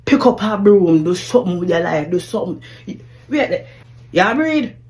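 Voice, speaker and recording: A Jamaican woman, a mother, loudly nagging her lazy son to get out of bed. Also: fairly low pitch, animated, normal speed. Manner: loud, nagging, exasperated. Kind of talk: scolding rant.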